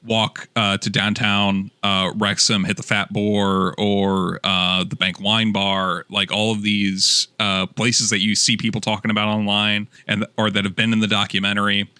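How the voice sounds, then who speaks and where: Bright, crisp-voiced man. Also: fairly low pitch, level tone, measured pace, few pauses, dry recording. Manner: enthusiastic, rambling with fillers. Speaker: podcast guest. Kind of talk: casual chat.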